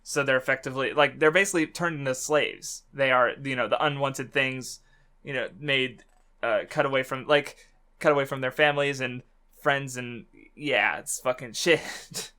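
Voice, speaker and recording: A man's voice: mid-range voice, steady tone, moderate pace, bright, forceful tone, clean tone. A man co-hosting a podcast in casual chat, rambling with fillers, laughing often and swearing freely. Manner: rambling with many fillers and restarts. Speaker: podcast co-host.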